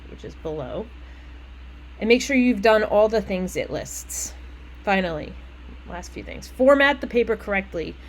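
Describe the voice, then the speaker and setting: A young woman teaching college English talks students through an essay assignment in an easygoing, conversational voice of middle pitch. She breaks off often for casual asides and quick self-corrections. A faint hum of room sound sits behind her. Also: low-quality recording. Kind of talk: walking through essay instructions.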